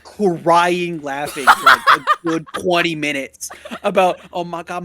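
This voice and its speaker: A man's voice: a little high, steady tone, unhurried, sharp tone, a little hiss or hum. A man streamer in casual chat, joking and laughing often, sometimes trailing off.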